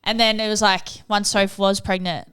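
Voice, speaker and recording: A woman's voice: mid-range voice, flat delivery, normal speed, a bit bright, smooth, no echo. A woman being interviewed on a podcast, telling a family story in a casual way and acting out the people she quotes. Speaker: podcast guest.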